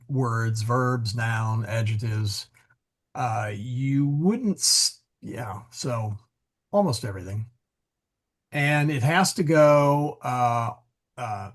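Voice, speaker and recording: A man teaching a Latin class, explaining grammar as he thinks aloud, with many fillers and restarts. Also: mid-range voice.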